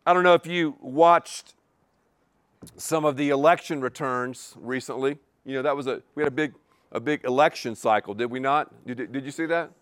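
A man's voice: medium pitch, moderate pace, fairly bright tone, smooth, no room sound. A man preaching a sermon, repeating key words for emphasis and asking the congregation rhetorical questions. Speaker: pastor.

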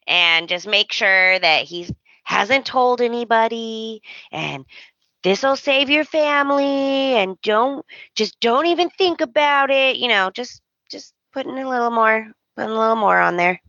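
A woman's voice: a little high, animated, measured pace, sharp tone, no room sound. A woman co-hosting a podcast, recapping with playful sarcasm and quoting characters. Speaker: podcast co-host. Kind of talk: casual chat recapping a soap opera. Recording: dry, dull lo-fi audio.

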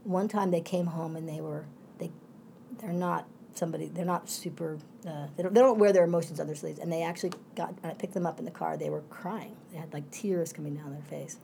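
A woman's voice: low voice, fairly even intonation, fairly quick, creaky, warm tone, slight background noise. A middle-aged woman professor in a conversational interview, speaking reflectively in winding asides.

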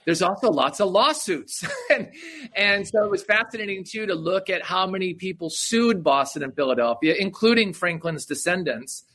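Guy author on a podcast, bright slightly high voice, explains with excitement, keeps saying right?. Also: moderate pace. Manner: enthusiastic, explanatory, frequent "right?" asides. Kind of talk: conversational interview.

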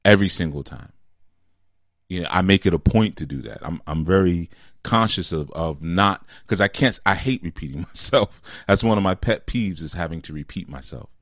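A man giving an informal spiritual teaching, conversational and deliberate, often checking in with "you see?" and slowing down to stress key words. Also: sits low, animated, fairly bright tone, no room sound, clean studio sound.

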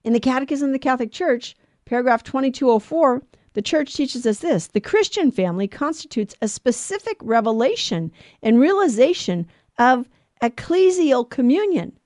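A woman's voice: sits high, big pitch swings, normal speed, darkish tone, dry recording, clean studio sound. A middle-aged woman giving an earnest religious teaching talk on family life, stressing points by repeating words. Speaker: Catholic speaker on family life.

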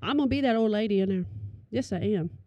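A middle-aged woman telling comic stories to an audience, animated and calling them y'all. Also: medium pitch, quick pace, no echo, muffled recording. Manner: animated, addresses listeners as y'all. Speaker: storyteller.

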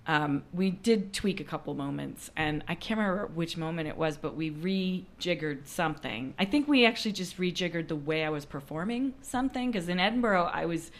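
A woman's voice: sits low, fairly bright tone. A woman who performs as a storyteller, chatting casually about her show and acting out quoted lines with animation. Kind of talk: casual conversation.

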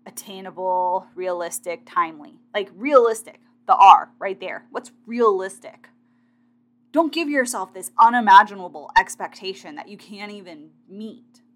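A woman in a casual motivational monologue, talking directly and chattily to her listeners as a fitness competitor sharing advice. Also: mid-range voice.

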